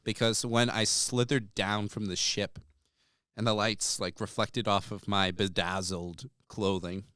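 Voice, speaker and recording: Klarer Mann, erzählt Spielgeschichten. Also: male voice, on the low side, unhurried, clean tone, no room sound, studio quality. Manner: animated storytelling with laughter. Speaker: player. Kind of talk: casual podcast chat.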